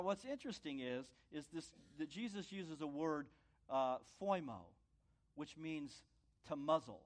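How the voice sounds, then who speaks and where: A man preaching a sermon as a pastor, earnest, repeating phrases and rising to loud commands. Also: on the high side.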